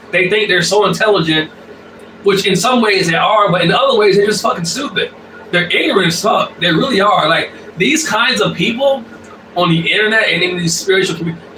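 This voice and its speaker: A man's voice: high-pitched, noisy background. A man talking casually in a blunt, profane monologue, repeating himself and using many fillers. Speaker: spiritual vlogger. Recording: roomy, distant mic with faint ambience.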